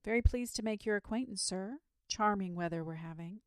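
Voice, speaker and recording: A woman voicing a gentle, homebody dragon who speaks politely, nervously and with hesitations, in a storybook reading. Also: medium pitch, brisk, clear, resonant tone, no room sound, studio quality, lightly acted. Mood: flustered.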